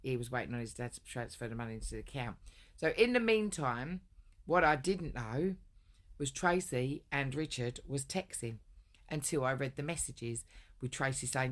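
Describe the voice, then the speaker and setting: A woman's voice: extremely low pitch, expressive, moderate pace. A woman telling a long personal story in a rambling, blunt way, swearing often. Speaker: vlogger. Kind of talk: casual storytelling rant.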